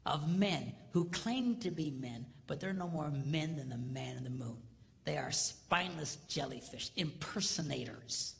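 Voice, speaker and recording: A male seminar speaker addressing a live audience in a comedic, preacher-like way. He swings from hushed near-whispers to loud, laughing shouts. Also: fairly high pitch, creaky. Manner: preacher-like exhortation. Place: large hall before a live audience. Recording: hall reverb with faint noise.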